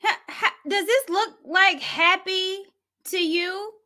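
A woman hosting her own commentary show, sassy and animated, with quick asides. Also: very high-pitched. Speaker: host. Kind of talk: commentary vlog.

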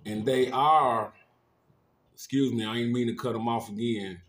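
A man's voice: medium pitch, steady tone, a little slow, a bit bright, roomy sound. A man analyzing football plays in casual sports talk, stumbling over restarts. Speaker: co-commentator.

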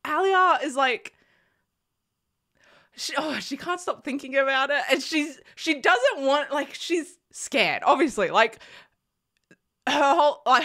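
A young woman gushing excitedly about a TV show in a casual reaction vlog, laughing often, recorded indoors in a small room. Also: high-pitched. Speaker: reaction vlogger.

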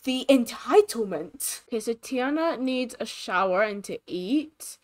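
A young woman giving casual, chatty commentary on a life-simulation game, expressive and sympathetic. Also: fairly high pitch, measured pace. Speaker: gaming creator.

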